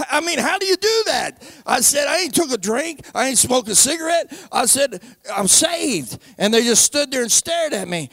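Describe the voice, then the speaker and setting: Fervent gravelly preaching man. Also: very high-pitched, animated, moderate pace, no echo. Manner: fervent, swings into shouting and back to hushed. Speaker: preacher giving testimony. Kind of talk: sermon testimony.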